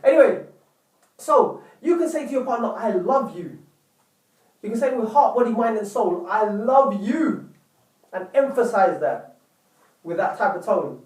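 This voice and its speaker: Brief: man vlogging relationship advice, fairly high voice, earnest and repetitive, recorded from a distance. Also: animated, moderate pace. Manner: earnest, repetitive, keeps addressing viewers as "people". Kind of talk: direct-to-camera advice talk. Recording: echoey room, voice off-mic.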